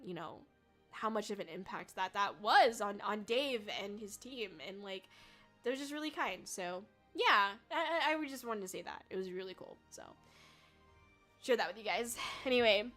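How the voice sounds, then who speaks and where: A woman's voice: medium pitch, expressive, normal speed, fairly bright tone, soft background music. A young woman streamer chatting casually with her viewers, bubbly and giggly, with lots of filler words. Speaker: VTuber streamer. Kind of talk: casual livestream chat with viewers.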